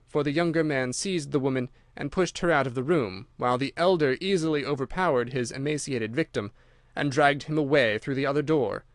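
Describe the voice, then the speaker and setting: Guy narrating an old detective audiobook, even steady reading, dry close mic. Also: mid-range voice, no room sound. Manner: measured, steady storytelling. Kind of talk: scripted narration.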